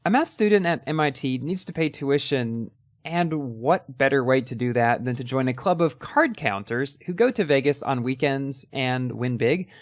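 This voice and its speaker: A man's voice: mid-range voice, expressive, normal speed, no room sound, studio quality. A young man hosting a casual ranking of his favorite movies, talking with enthusiasm and a few ums and restarts.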